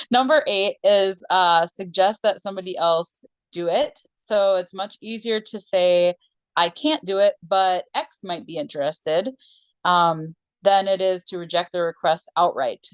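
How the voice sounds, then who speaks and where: A woman who teaches shop, chatting casually on a podcast and rambling through stories with quick laughs. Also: deep voice, no room sound, highs cut off. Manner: rambling storyteller who acts out conversations with laughs.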